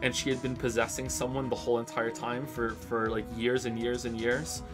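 A man streaming a video game, chatting casually with viewers in an excitable, sarcastic and profane way. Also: mid-range voice, moderate pace, over music. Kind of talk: casual let's-play commentary.

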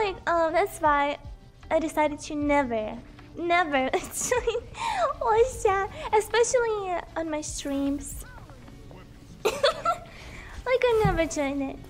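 A young woman streaming a game, with a very high voice that swoops up and down as she chats to viewers. She sounds hoarse and sick, laughs often and repeats her words. Faint music plays under her talk. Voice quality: hoarse, voice sounds broken from illness. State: sick, coughing. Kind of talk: casual live-stream chat while gaming.

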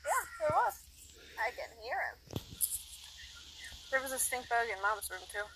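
A woman's voice: on the high side, very animated, normal speed, gravelly, background noise. A young woman chatting with a friend while gaming, goofy and giggly. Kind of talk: casual chat while building.

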